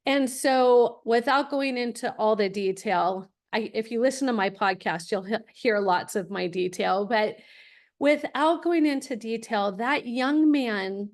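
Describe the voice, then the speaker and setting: Middle-aged lady hosting a college webinar, kinda high voice, super animated, does the voices when she quotes people. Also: moderate pace. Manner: animated, acts out quoted voices with big pitch jumps. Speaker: webinar host and college consultant. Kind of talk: lively storytelling presentation.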